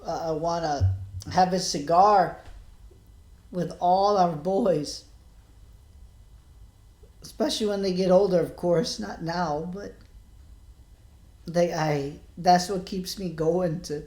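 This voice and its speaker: A man talking quietly to the camera in a personal video diary, halting and subdued, with many pauses and restarts. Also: high-pitched. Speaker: vlogger. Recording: echoey room.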